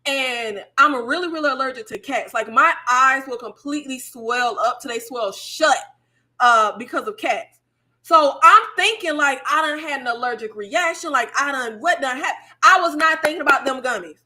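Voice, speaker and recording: A woman hosting a casual chat with her viewers, telling stories in an animated way, laughing and swearing freely. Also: sits high. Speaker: YouTube host.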